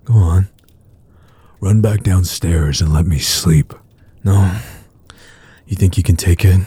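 A man playing a low, husky dominant lover. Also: little pitch movement, measured pace, warm tone, no room sound, exaggerated voice. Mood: taunting. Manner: low taunting murmur, many breathy grunts. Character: dominant teasing adult man, commanding. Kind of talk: audio role-play.

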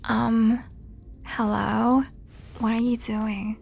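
Slow, gravelly-voiced sarcastic young woman. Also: fairly high pitch, little pitch movement, a little mellow, slight background noise. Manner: sarcastic, profane and exasperated; often drops to a breathy whisper. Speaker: audio role-play performer. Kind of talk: audio role-play addressing the listener.

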